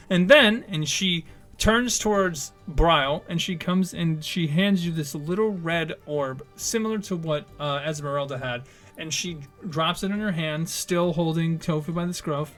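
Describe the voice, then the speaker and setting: A man narrating a live-streamed tabletop game as game master, loose and casual, with plenty of fillers. His voice sits a bit high for a man. Faint music plays underneath. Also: unhurried, a bit bright.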